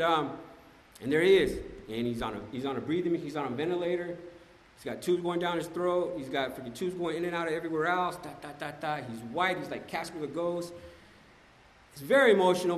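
A man giving a conversational, emphatic personal testimony at a recovery meeting, often asking "right?". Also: sits high. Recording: echoey hall, faint ambience.

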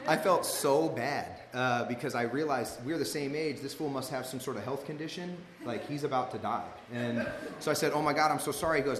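A man's voice: mid-range voice, a little fast, a bit bright. A man tells a personal story in a laid-back, slangy ramble, peppering it with "like" and "you know." His mid-range voice rings through a large hall with a long reverb tail and a faint room hum behind him.

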